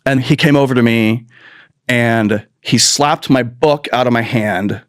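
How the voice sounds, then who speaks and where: A man's voice: medium pitch, measured pace, no room sound, studio quality. A man hosting a podcast, delivering a profane, sarcastic political rant full of mocking mimicry. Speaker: podcast host.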